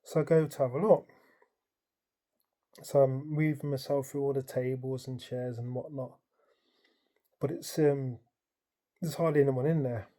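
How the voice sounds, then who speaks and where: A man's voice: mid-range voice, unhurried, long pauses. A man casually recounting a dream in the present tense. He rambles, filling his story with "like" and "um". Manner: rambling, animated retelling full of "like" and "um". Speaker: dream vlogger.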